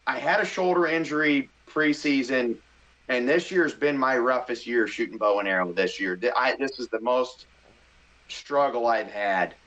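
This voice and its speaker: A middle-aged man from the Midwest telling a story in a casual interview, animated and excitable, acting out his own thoughts. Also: mid-range voice, normal speed. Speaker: hunting show host, podcast guest. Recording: slightly dull podcast audio.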